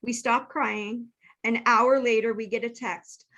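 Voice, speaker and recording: A woman's voice: fairly high pitch, steady tone, measured pace, pushed and bright. A woman in her fifties telling a personal story earnestly and with feeling, acting out the lines she quotes. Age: 50s. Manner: emotional, earnest, acts out quoted texts. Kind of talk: casual storytelling.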